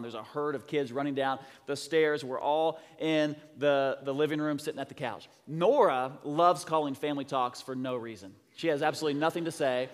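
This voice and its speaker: A man in his thirties preaching a sermon, telling family stories with lively swings from soft to loud. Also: fairly high pitch. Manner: animated storyteller, acting out family dialogue, swings from soft to loud. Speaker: pastor. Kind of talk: sermon storytelling. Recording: long hall reverb.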